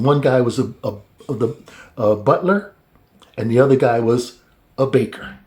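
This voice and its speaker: A man teaching a casual Bible study in a colloquial, halting way, with many restarts and chuckles between points. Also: mid-range voice, darkish tone.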